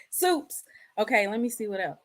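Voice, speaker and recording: A woman in her 30s hosts a casual livestream, chatting and speaking straight to the people in her chat. Her voice sits on the high side, animated, and she takes things slowly.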